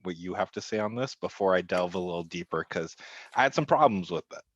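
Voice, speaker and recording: Low-voiced man on a dull, dry mic. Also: lively intonation, fairly quick, no echo. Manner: laid-back, laughing, swearing. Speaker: podcast co-host. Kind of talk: casual movie podcast chat.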